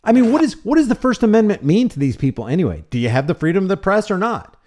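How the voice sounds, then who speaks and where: A man's voice: high-pitched, sing-song, quick pace, darkish tone. A man hosting a commentary channel, reacting to a video with indignant, sarcastic remarks and rhetorical questions.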